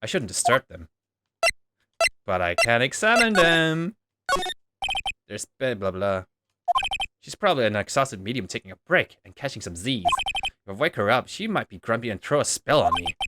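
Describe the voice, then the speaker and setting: A man casually reading a detective game's dialogue aloud in a wry, relaxed playthrough. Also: mid-range voice, moderate pace, long pauses, heavy background noise. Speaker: game streamer reading all characters. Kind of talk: game playthrough voicing the text. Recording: voice over loud game music.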